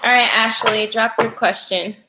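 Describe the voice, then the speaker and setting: A woman's voice: on the high side, steady tone, moderate pace, heavy background noise. A young woman hosting a casual live stream as a tarot reader, chatting, greeting viewers by name and laughing often.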